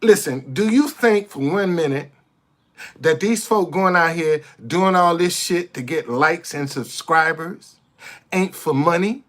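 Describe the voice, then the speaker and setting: A man's voice: a little high, measured pace, a bit bright. A man in an impassioned monologue to camera, blunt and heavily profane, repeating phrases for emphasis and stammering over restarts as he gets fired up. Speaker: vlogger.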